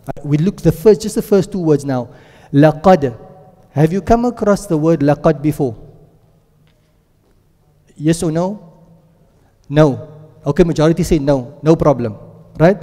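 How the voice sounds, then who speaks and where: Guy teaching a class, warm mellow voice, keeps quizzing the room, long hall echo. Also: a little high, normal speed, pauses often. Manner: lively, asks the class questions and drills words. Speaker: Quran and Arabic grammar teacher. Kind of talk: classroom lecture.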